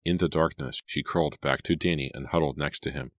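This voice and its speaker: A man narrating a horror audiobook in a measured, suspenseful read on a close mic. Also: rumbling low, steady tone, dry recording.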